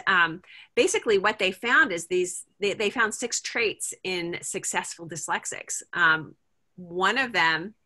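A middle-aged woman with a fairly low pitch and a sharp tone leads a parent group over a video call. She talks casually and thinks aloud, with lots of fillers and restarts.

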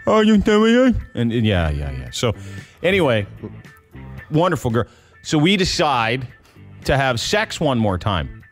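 A man's voice: mid-range voice, wildly swooping pitch, measured pace, long pauses, soft background music. A man co-hosting a radio show, telling a rambling, jokey anecdote in casual chat. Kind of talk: casual storytelling on morning radio.

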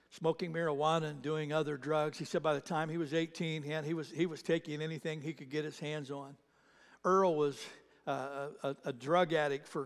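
A man's voice: fairly high pitch, vocal fry. A man preaching a sermon as pastor, telling stories and retelling other people's words, with frequent restarts. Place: church sanctuary. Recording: reverberant church hall.

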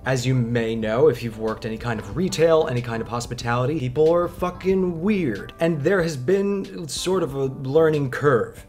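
A man telling stories in a casual vlog, with dry, deadpan humor. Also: medium pitch, moderate pace, hardly any pauses, soft background music. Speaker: vlogger.

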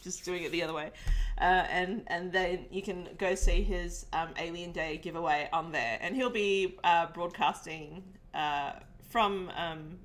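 A woman's voice: fairly low pitch, measured pace, a little hiss or hum. Giggly woman hosting casual chat. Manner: chatty and giggly, with many fillers. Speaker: host. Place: her home.

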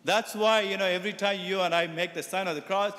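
Priester predigt in einer hallenden Kirche. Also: male voice, sits high, steady tone, fast talker, pushed and bright. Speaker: Catholic priest. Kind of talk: sermon. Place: Catholic church. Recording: echoey church reverb.

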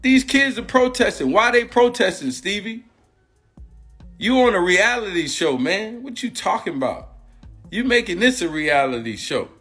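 Agitated man ranting, high bright voice. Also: lively intonation, moderate pace, breathy edge, soft background music. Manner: agitated, repetitive, confrontational. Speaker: former football player and coach. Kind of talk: heated rant on a live stream.

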